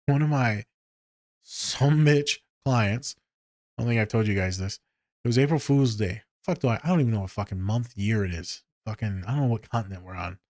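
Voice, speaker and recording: A man who works as a therapist, hosting a casual podcast and telling stories in a profane, joking way, swinging between low mutters and sharp high exclaims. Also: moderate pace, no echo, clean studio sound. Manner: profane, joking, with frequent swearing.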